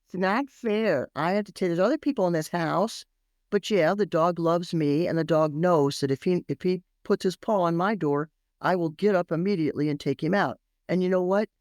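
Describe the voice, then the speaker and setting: A woman's voice: low voice, no echo, clean studio sound. A woman in her sixties, a parenting expert guest telling stories in an interview, acting out the voices she quotes. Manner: animated storyteller who acts out quoted voices. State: tearful at moments. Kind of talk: storytelling interview chat.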